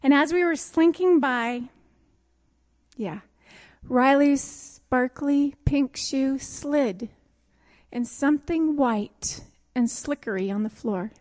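A pastor's wife telling a funny story in a sermon, laughing often as she speaks. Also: sits high. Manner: lively and expressive, quick to giggle. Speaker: pastor's wife giving a talk.

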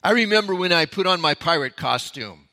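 A man with a bright, forceful voice that sits a little high for a man. He teaches a sermon in a relaxed, storytelling way. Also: a little fast. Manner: storytelling, conversational. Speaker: pastor. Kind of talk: sermon-style Bible teaching.

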